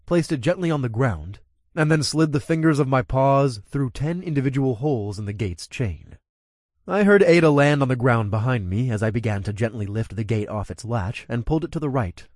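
A man's voice: mid-range voice, no room sound, studio quality. A man narrating a first-person story in a casual manner with crude asides.

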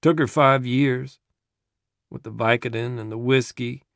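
A man voicing a grieving, enraged young man with a gun, speaking in a rough rural drawl with his voice cracking. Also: mid-range voice, steady tone, unhurried, a bit bright, dry recording, studio quality. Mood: tearful rage.

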